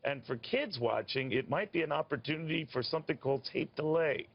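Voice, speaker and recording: A man hosting a live TV interview, chatty, with dramatic build-ups and quick quips. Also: fairly high pitch, vocal fry, slightly rough, lo-fi sound. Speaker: TV news host.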